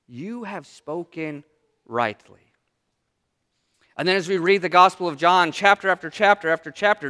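A man preaching a sermon as pastor, with dramatic pauses, dropping low and soft on quoted lines. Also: smooth, big-room sound.

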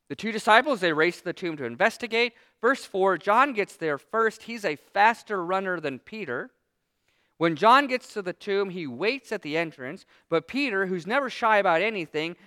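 A man's voice: fairly high pitch, bright, forceful tone, clean tone. A man preaching a sermon as pastor, reading scripture aloud and then retelling it with emphatic, driving delivery.

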